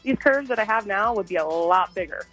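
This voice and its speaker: A woman's voice: mid-range voice, animated, a little fast, over music, low-quality recording. A woman chatting as a guest on a radio show by phone, telling stories and laughing easily. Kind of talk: casual phone interview. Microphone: phone line.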